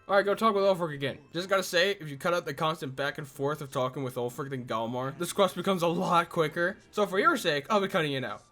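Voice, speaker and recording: Young male narrator, very animated, sarcastic and exasperated comic recap. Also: sits high. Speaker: video creator. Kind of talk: comedic game recap narration.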